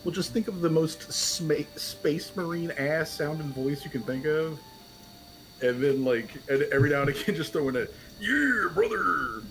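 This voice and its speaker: A man's voice: fairly high pitch, steady tone, moderate pace, slight background noise, low-quality recording. A man playing in a tabletop game, joking around casually with the group. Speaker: player. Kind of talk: casual stream chat.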